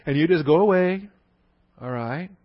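A man teaching a Bible lesson in a conversational way, repeating phrases for emphasis and slowing down to spell out words. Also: fairly high pitch, animated, no room sound. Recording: dull, dry lo-fi recording.

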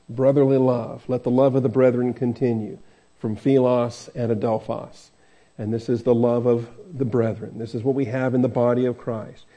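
Man preaching thru a bible chapter, super warm dark voice, lots of uhs and restarts, kinda muffled recording. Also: medium pitch. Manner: conversational, with many fillers and restarts. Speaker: pastor. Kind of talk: verse-by-verse Bible teaching. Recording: dull lo-fi recording.

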